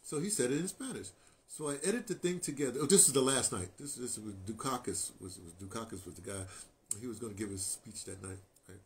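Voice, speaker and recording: An older man, a radio artist, telling a long personal story in an animated, emotional way, full of restarts and asides. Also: medium pitch, fast talker, slight background noise.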